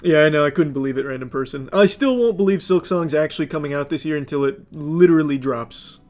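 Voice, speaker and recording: There's faint music behind this young adult man's fast, somewhat high voice as he livestreams. He rants casually, cursing constantly and breaking into laughter again and again.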